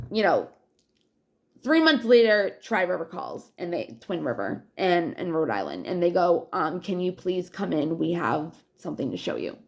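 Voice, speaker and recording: A woman in her thirties from New England, telling stories from her past in a frank, rambling, profane way, drifting from one story to the next. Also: on the low side. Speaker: vlogger. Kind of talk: casual storytelling monologue.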